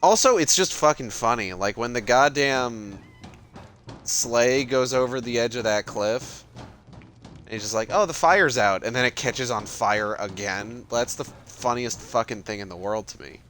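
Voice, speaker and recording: A man's voice: mid-range voice, measured pace, a bit bright, faint music behind. A man casually talking while playing a video game, rambling with lots of fillers and cursing freely. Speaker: gaming streamer. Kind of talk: casual let's-play commentary.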